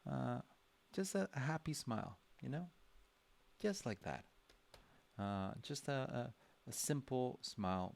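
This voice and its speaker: A man's voice: fairly low pitch, gravelly. A man giving a casual livestream drawing lesson, thinking aloud with many fillers and restarts as he sketches. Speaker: drawing instructor.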